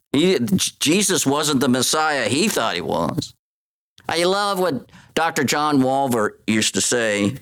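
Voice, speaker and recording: Male preacher, animated sermon delivery, slips into voices for the people he quotes. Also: mid-range voice, unhurried. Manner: animated, acts out voices of Bible figures in quotes.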